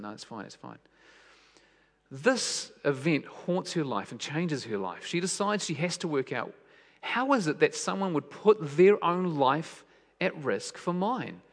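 A man's voice: mid-range voice, vocal fry. Man preaching in a reverberant hall. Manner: storytelling, shifts between soft hushed lines and raised emphatic questions. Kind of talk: sermon.

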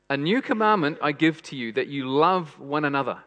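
A man's voice: fairly high pitch, animated, a little fast, hardly any pauses, fairly bright tone. A man preaching a sermon in an earnest way, repeating phrases for emphasis. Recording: long hall reverb.

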